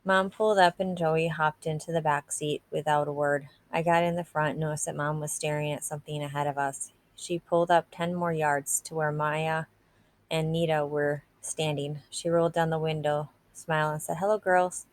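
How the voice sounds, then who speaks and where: A woman reading a novel aloud in a steady, plain narrating manner. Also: sits low, normal speed, no echo. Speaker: reader.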